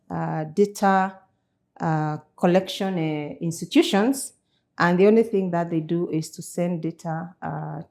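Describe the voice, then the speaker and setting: Slow, hesitant woman with a dark voice. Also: on the low side. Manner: slow, deliberate speech with frequent hesitations. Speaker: chair of a steering committee, guest. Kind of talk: conversational interview.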